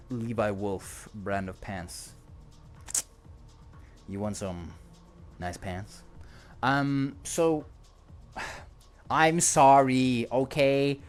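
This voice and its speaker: A man's voice: medium pitch, steady tone, very slow, pauses often, soft background music. A man with a non-native English accent chatting casually on a livestream, rambling, joking and laughing often. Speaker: streamer.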